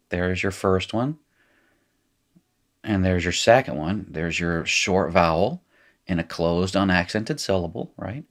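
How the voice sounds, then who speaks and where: A man with a very low voice and an Appalachian accent from North Carolina talks through a recorded lesson. He explains at a relaxed pace, often correcting himself mid-sentence and checking in with "right?". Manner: casual, self-correcting explainer who laughs at his slips. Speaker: teacher. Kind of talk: recorded lecture.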